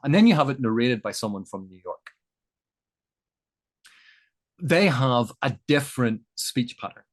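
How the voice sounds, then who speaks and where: Male interview guest, mid-pitched, measured explainer who talks in examples. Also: expressive. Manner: thoughtful, lecturing, builds points with examples.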